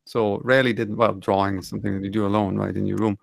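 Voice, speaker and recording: A man's voice: fairly low pitch, little pitch movement, fast, gravelly, a little hiss or hum. A man in casual online panel chat, rambling and correcting himself with wry asides.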